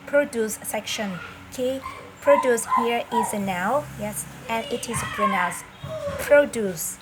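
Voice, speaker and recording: A woman, a native Vietnamese speaker, giving a slow, careful English lesson inside a supermarket, often pausing and repeating herself. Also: fairly high pitch. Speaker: English teacher. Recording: audible store background noise.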